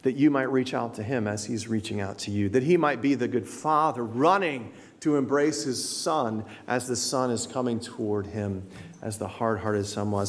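Conversational man preaching in a reverberant hall. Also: mid-range voice. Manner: conversational, animated, acts out inner voices. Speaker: pastor. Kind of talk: sermon.

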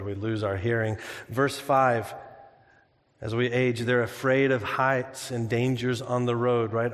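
A man delivers a sermon in a church sanctuary, speaking at a middle pitch in an easygoing, conversational way, with jokes and stories mixed in. His voice carries a long reverb from the large hall. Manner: conversational preaching with humor and anecdotes. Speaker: pastor.

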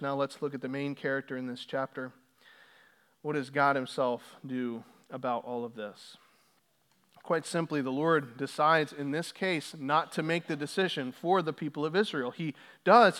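High-voiced man preaching a sermon. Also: fairly bright tone. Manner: preaching with rising intensity on quoted scripture. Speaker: pastor. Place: church sanctuary.

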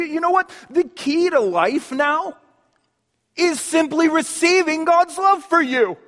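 Male pastor mid-sermon, slow and deliberate, long hall echo behind him. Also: very high voice. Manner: swings from hushed intimacy to sudden emphatic outbursts.

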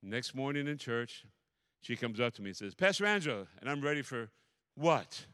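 A man preaching as a pastor in a church, telling a story with animated, repetitive preaching cadence. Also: medium pitch, normal speed, clean tone, no echo, studio quality. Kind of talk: sermon.

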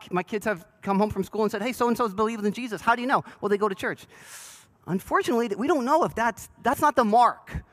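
Pastor, male, high and lively voice, chatty and self-deprecating, asks the room questions. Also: low-quality recording. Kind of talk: sermon. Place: church sanctuary.

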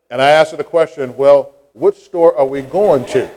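A man's voice: on the high side, moderate pace, hardly any pauses, a little mellow, slight background noise. A middle-aged man, preaching a sermon and telling a childhood story with rising fervor. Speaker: pastor.

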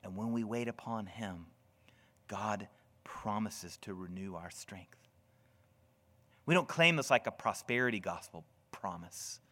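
Slow, deliberate male preacher. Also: fairly low pitch. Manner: deliberate, dramatic swings from loud to whispered. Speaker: pastor. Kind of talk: sermon.

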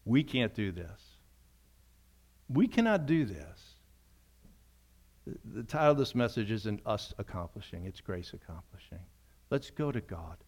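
A man preaching earnestly as a pastor, repeating key phrases for emphasis, then praying in a softer, slower voice. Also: on the low side, sing-song. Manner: softens to a quiet, slow prayer. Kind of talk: sermon closing in prayer.

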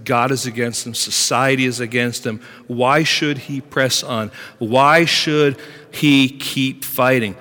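A man preaching a sermon as pastor, swinging between hushed lines and loud, emphatic ones. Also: mid-range voice, in a large hall.

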